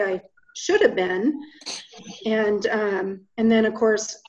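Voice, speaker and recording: A woman's voice: medium pitch, a little mellow. A woman guest giving a matter-of-fact personal account in an interview. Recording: dull lo-fi audio.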